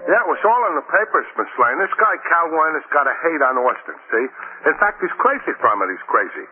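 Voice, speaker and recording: An actor playing a simple-minded, chatty cab driver in a 1940s radio drama, rambling and eager to please. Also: male voice, a little high, very animated, brisk. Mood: gossiping. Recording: tinny old radio broadcast with music.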